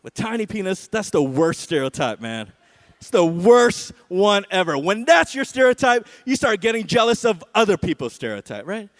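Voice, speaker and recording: A man's voice: sits high, big pitch swings, normal speed. A man doing a stand-up comedy set at an awards show, with a sarcastic, punchy delivery and frequent "right?" asides.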